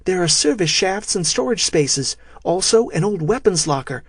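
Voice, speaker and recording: A man voicing a calm young female navy lieutenant offering a plan. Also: high-pitched, moderate pace, breathy edge, no echo, clean studio sound, voice pushed up, heavily acted. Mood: suggesting.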